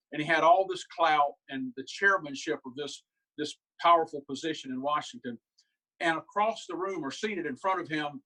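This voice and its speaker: A man's voice: fairly high pitch, pushed and bright, low-quality recording. A man with a South Carolina Southern accent, telling funny stories as a humorist over a video call. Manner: chatty, easygoing, anecdotal. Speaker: humorist and inspirational speaker. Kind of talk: folksy comedic storytelling.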